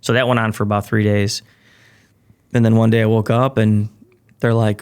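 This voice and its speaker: A man with a low, gravelly voice tells a personal story in a relaxed, conversational way. He is a podcast guest and keeps slipping into the voices of the people he quotes, which keeps the telling lively. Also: moderate pace, pauses often. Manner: animated, acts out quoted people. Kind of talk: casual storytelling.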